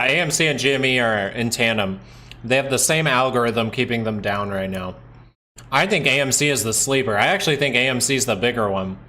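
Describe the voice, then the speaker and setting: Man, live market commentary, bright forceful tone, excitable, talks to himself about charts, desk mic. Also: medium pitch. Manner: excitable, thinks aloud, asks himself questions. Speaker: stock market livestream host.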